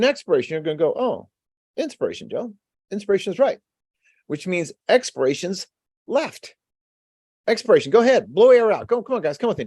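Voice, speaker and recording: An energetic man teaching in a webinar, pitched a little high, with a swooping, animated delivery. He repeats key phrases and calls on his listeners to answer back. The sound is dry and close. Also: no room sound. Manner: energetic, call-and-response teaching. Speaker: PA exam prep instructor. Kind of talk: lively webinar lecture.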